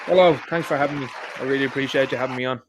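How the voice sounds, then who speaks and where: A man's voice: medium pitch, steady tone, rapid-fire, a crowd in the background, background noise. A man with a thick Irish accent, a guest on a podcast, talking in a friendly, chatty way. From Ireland. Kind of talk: casual interview chat.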